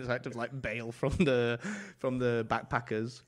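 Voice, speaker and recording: A man, talking as a guest on a casual podcast. His pitch sits in an ordinary middle range. He tells his stories animatedly, with plenty of swearing and false starts. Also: moderate pace. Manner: animated anecdotes with frequent swearing and restarts. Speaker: chef and author, podcast guest. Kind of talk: casual storytelling chat.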